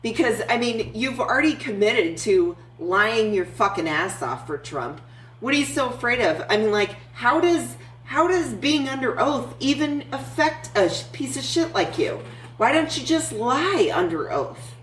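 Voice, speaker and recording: A woman's voice: on the high side, big pitch swings, measured pace, fairly bright tone, recorded from a distance, slight background noise. Woman podcast co-host, blunt and heated, profanity-laden political chat, roomy room away from the mic.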